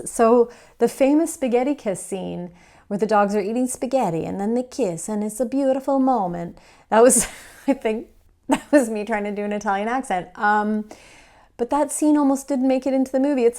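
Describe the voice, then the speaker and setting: A woman's voice: medium pitch, vocal fry, a little mellow. A woman giving a casual painting tutorial, chatty and playful, often laughing and joking at her own expense. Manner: chatty, playful, quick to laugh, self-deprecating. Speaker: painting instructor.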